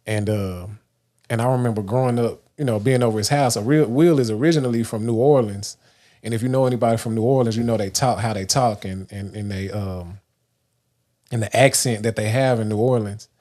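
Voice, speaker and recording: Hosting a livestream, a man from Dallas, Texas talks through a loose, rambling motivational monologue. His voice is fairly low, brisk and a little mellow, and his speech is full of restarts and fillers.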